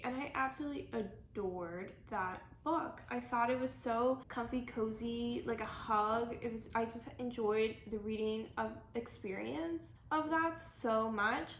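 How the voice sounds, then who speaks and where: A woman with a slightly high voice chats casually to camera as a book vlogger. She rambles and gushes, packing her talk with filler words and quick self-corrections. Her voice bounces around a roomy space, with a faint hiss underneath. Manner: enthusiastic and gushing. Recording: roomy, echoey room.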